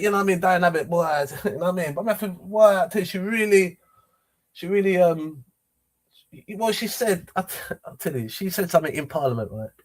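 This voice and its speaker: A man hosting a livestream, talking casually and rambling with many restarts and repeated phrases. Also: sits high. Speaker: livestream host.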